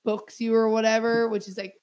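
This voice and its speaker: A woman's voice: on the high side, level tone, a little fast, crowd noise. A young woman hosting a podcast, chatting casually with lots of fillers. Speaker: podcast host.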